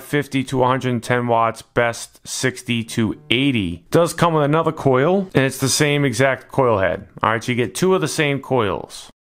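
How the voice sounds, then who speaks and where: A man's voice: medium pitch, a bit bright. A man narrating a casual hands-on product review in a laid-back, matter-of-fact way.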